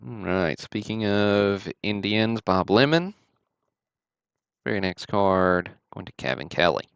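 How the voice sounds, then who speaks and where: Male livestream host, very low gravelly voice, relaxed chatty delivery. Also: slow, dry recording, lo-fi sound. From Alabama. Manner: easygoing, chatty running commentary. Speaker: host of a card-break livestream. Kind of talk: casual livestream commentary.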